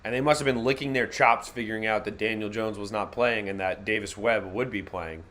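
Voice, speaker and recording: A man hosting a live fan reaction stream, calling the game play by play in a casual, wisecracking way with slang and quick self-corrections. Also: lowish voice, fairly even intonation, fairly bright tone.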